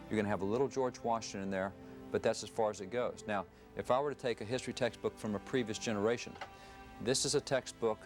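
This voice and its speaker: A man speaking as a guest historian, emphatic and fond of lists of rhetorical questions. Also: mid-range voice. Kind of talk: interview answers, then scripted narration.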